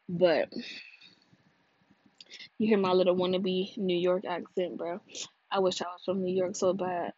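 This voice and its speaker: A young woman from California hosting a casual gossip podcast on her own, rambling and cursing freely while high and sleepy, her voice swinging between loud bursts and low mumbles. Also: steady tone, measured pace, pauses often, no echo. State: high and drowsy. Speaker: podcast host. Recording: dull dry lo-fi sound.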